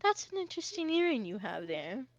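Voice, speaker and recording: A woman voicing a smug, taunting male tiger prince with a low, rough voice. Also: sing-song, fairly quick, dry recording, dull audio. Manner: taunting, haughty.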